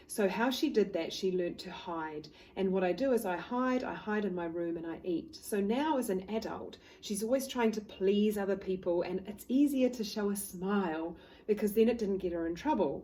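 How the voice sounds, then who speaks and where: A woman hypnotherapist, calmly telling a client's story to the camera. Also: mid-range voice, rough recording. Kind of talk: talking to camera, case story.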